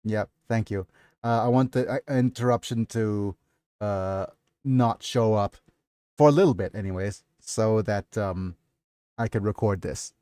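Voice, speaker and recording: A man's voice: on the low side, unhurried, mellow, clear, resonant tone, no room sound. A man hosting a casual livestream who chats with his viewers in a rambling way, answering their messages between stretches of reading aloud from a story. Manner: rambling, answers chat as he goes. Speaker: livestream host.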